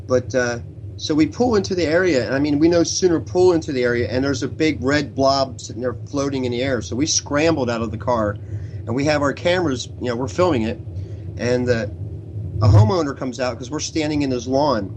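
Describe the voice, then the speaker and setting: A man's voice: medium pitch, a little fast, a little mellow, a little hiss or hum, low-quality recording. A man being interviewed on a radio show who tells long, rambling stories about his field research. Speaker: paranormal researcher guest.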